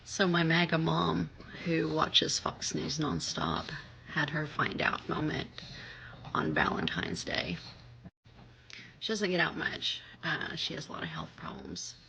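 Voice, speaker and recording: A woman's voice: deep voice, sing-song, a little slow, vocal fry, sharp tone. A woman casually telling a family story in a conversational way, sometimes dropping to a near whisper. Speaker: storyteller in an online clip. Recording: slightly muffled, faint background noise.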